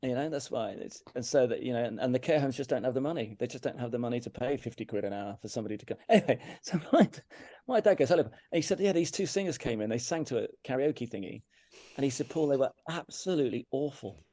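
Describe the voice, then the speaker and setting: A middle-aged man from England talking candidly in an interview, earnest and emphatic, often circling back on his words and turning self-critical. His voice has a gravelly edge and a warm, mellow tone. The sound is close and dry. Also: medium pitch, expressive, fast talker, no room sound. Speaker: interview guest, brass teacher. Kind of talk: candid conversational storytelling. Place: farmhouse room.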